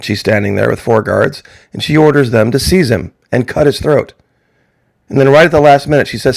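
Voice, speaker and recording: A male commentator with a gravelly, fry-laden voice, recorded dry and close with no room sound. He delivers an opinion monologue, pressing his listeners with emphatic rhetorical questions. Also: mid-range voice, a little fast, dry recording. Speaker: political commentator.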